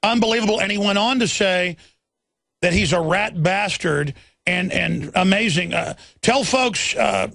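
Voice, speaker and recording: A man's voice: high-pitched, a little slow, gravelly, pushed and bright, dry recording. A man hosting a talk radio show, urgently directing callers and guests.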